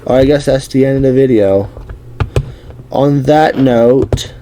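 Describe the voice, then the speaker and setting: A man hosting an anime reaction video, blurting curses and exclamations and thinking out loud. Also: medium pitch, measured pace, a little hiss or hum, rough recording. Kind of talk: casual reaction commentary. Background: anime clip audio playing.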